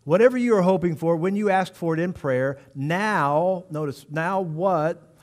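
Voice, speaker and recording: Man, pastor, sermon, high voice, animated storytelling. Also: measured pace.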